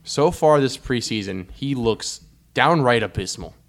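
A young man co-hosting a podcast, chatting casually about sports with an animated, joking manner and frequent asides. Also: mid-range voice, measured pace, vocal fry. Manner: animated, laughing, trailing off into asides. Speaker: podcast co-host.

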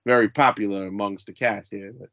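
A man's voice: fairly low pitch, steady tone, fairly quick, no room sound, muffled recording. Laid-back, teasing man on a podcast. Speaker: podcast co-host. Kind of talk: casual podcast chat.

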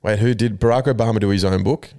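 An Australian man co-hosting a podcast in loose, casual banter. His voice sits low. He talks in animated, rambling stories and swears freely. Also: fast talker. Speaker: podcast co-host.

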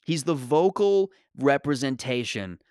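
A man's voice: mid-range voice, a little mellow, clean tone, dry recording, studio quality. A male comedian delivering a sarcastic, exasperated rant in a monologue.

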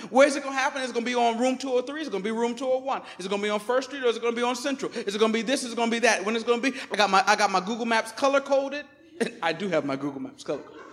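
High-voiced preacher man in a reverberant church. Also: expressive, fast talker. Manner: emphatic preaching, swinging from loud proclamations to quiet asides. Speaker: pastor. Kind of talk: sermon. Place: church sanctuary.

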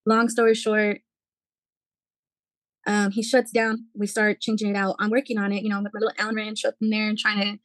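A woman's voice: medium pitch, fairly quick, dry recording. A woman, an aircraft maintainer, chatting as a podcast guest and telling blunt, swearing stories about her job. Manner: profane, animated storyteller. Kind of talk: casual podcast chat.

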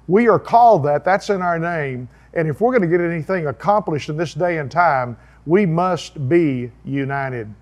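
A man preaches in a folksy, earnest way, breaking into chatty asides. His voice sits a little higher than most men's. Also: moderate pace, few pauses. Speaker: pastor. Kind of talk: sermon-style video talk.

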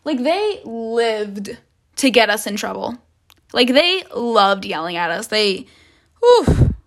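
A woman's voice: a little high, big pitch swings, slow pace. Dramatic young woman ranting with fillers. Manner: heavy filler "like", swearing, dramatic retelling. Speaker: vlogger. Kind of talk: casual storytime rant.

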